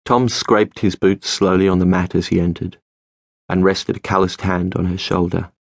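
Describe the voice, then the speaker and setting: A man narrating a novel as an audiobook, in a measured, steady storytelling manner. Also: low-pitched, dry recording, studio quality. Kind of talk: scripted narration.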